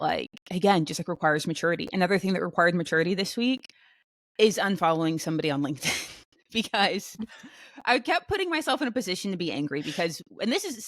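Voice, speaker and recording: A woman's voice: on the low side, no room sound. Chatty woman podcast co-host, dry sound. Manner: chatty, animated, with many fillers and restarts. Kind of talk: casual chat.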